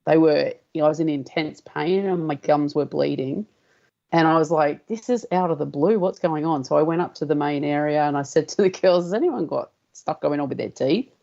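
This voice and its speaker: Low, gravelly Australian woman. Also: a little fast, mellow, dull audio. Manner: storytelling, acting out her own quoted dialogue. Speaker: guest healer. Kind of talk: casual radio chat.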